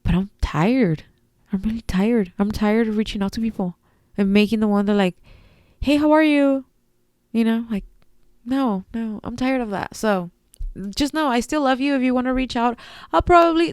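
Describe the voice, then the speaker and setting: A young adult woman talks into a close podcast mic, open and heartfelt, with loose fillers and the odd swear word. Her voice is smooth and clear at a middle pitch. The recording is dry, with no room sound. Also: a little mellow, no room sound. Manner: candid and heartfelt, swears casually, many fillers. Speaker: podcast host. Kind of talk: casual solo podcast talk.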